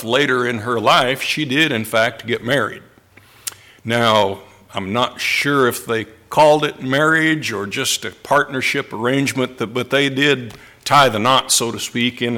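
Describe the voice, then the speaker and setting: A man preaching a sermon to a congregation in slow, deliberate phrases with pauses for emphasis. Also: mid-range voice, sharp tone.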